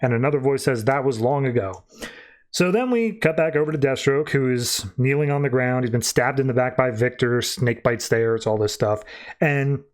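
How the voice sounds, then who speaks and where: A podcast host reviews comics in a mid-range voice at a moderate pace. He rambles casually, with lots of fillers and a loose retelling of the material.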